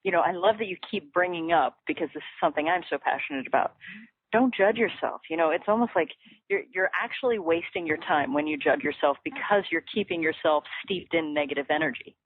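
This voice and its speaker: A woman host on a phone interview with a fairly low voice. She responds with enthusiasm and affirmation. The line is tinny and dry. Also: fairly quick, slightly rough, no echo.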